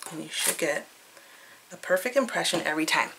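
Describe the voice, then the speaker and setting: A woman with a bright, fairly low voice walks viewers through a craft project at an easy, chatty pace. She thinks aloud as she works and stays cheerful throughout. A faint hiss of noise sits behind her voice. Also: expressive, fairly quick, gravelly, low-quality recording. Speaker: craft tutorial host. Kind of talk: casual craft demonstration.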